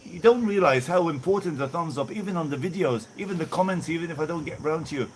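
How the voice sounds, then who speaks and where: On a breezy day outdoors, a man from the Birmingham area rambles casually on a live stream and greets viewers by name. His accent is mixed Birmingham English with a little Maltese influence, and his voice is a little high and fast. The rough recording comes from the camera mic, not a clip-on, with slight background noise.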